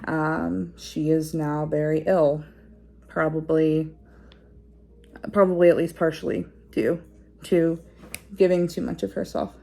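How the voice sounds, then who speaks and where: A woman talking casually to the camera in a vlog, musing out loud with many fillers and restarts and explaining like a teacher. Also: sits low, fairly even intonation, slow, gravelly, pauses often. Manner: explains like a teacher, checking in with "okay?" and "right?". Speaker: parenting vlogger.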